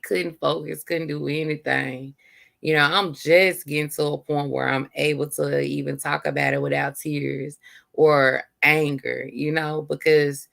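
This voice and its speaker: Slow, gravelly-voiced woman host. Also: sits low. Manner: earnest, encouraging, with conversational fillers. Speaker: podcast host. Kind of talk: heartfelt casual chat.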